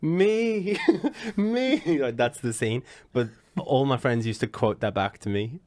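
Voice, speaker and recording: A man's voice: mid-range voice, steady tone, moderate pace, a little mellow, no room sound. A man hosting a podcast in casual chat, playful and laughing often at his own jokes. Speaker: podcast host.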